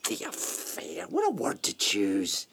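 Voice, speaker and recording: A husky, gravelly rogue in a radio play, guilt-ridden and charming. His pitch leaps and falls widely as he swings between pleading and wry, self-mocking jokes. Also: wildly swooping pitch, slow pace, fairly bright tone, exaggerated voice. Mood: evasive. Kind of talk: radio drama acting.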